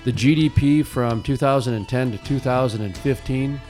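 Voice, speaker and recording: A man's voice: mid-range voice, moderate pace, darkish tone, faint music behind. A man hosting a morning talk radio show, chatting casually and giving his opinions with frequent restarts.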